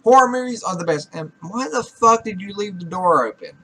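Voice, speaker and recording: A young man commenting on a life-sim game in a bright, lively voice that swings up and down as he scolds his characters. He swears constantly and sounds perpetually exasperated with them. His tone stays fairly high for a man. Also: a little fast, breathy edge. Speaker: gaming YouTuber. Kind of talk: profane Let's Play commentary.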